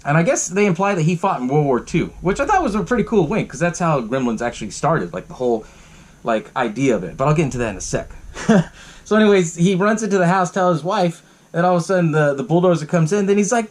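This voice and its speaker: A man's voice: on the high side, big pitch swings, fast talker. A man hosting a podcast, casually recapping a movie, swearing often and laughing along. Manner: profane and laughing, lots of fillers. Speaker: podcast host.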